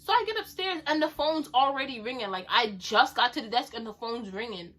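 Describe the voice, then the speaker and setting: A chatty woman tells a storytime to her camera, slangy and animated, acting out each line of dialogue. Her voice sits on the higher side and rings very bright. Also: a little fast. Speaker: YouTuber telling a storytime. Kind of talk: casual storytime vlog.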